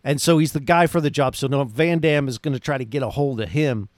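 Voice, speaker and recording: A man's voice: medium pitch, brisk, no echo, clean studio sound. A man casually recapping a movie plot on his podcast, rambling and enthusiastic, full of restarts and fillers. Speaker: podcast host reviewing a movie.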